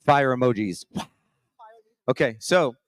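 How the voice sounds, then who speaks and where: Male stage host, mid-pitched voice, chatty and upbeat, rambling stories, dry sound. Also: slow pace, no echo. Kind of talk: live stage hosting and casual storytelling. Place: conference stage before a live audience.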